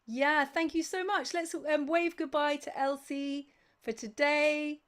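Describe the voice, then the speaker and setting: Female livestream host, slightly high pitch, effusive and chatty, rattles off viewer names. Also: fairly even intonation, measured pace, fairly bright tone. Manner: effusive, gushing thanks. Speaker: host of a sing-along livestream. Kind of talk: casual livestream chat.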